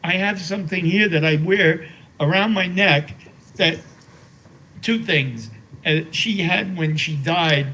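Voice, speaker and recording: A man's voice: sits high, takes it slowly, bright, forceful tone, a little hiss or hum, rough recording. Older man, rambling and heartfelt. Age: 80s. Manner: rambling, repeats words and says "you know" often. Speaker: interview guest. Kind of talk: heartfelt conversational storytelling.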